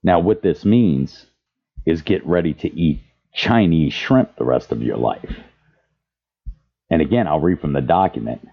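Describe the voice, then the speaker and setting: Very deep-voiced impassioned man. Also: very animated, a little slow. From Louisiana. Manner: impassioned, reads quotes aloud. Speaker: podcast host. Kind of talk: advocacy podcast commentary. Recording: dull lo-fi sound.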